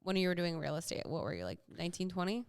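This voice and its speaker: Young female co-host, teasing storyteller, lively and clear. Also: lowish voice. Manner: teasing, storytelling, quick to laugh. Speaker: podcast co-host. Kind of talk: casual chat.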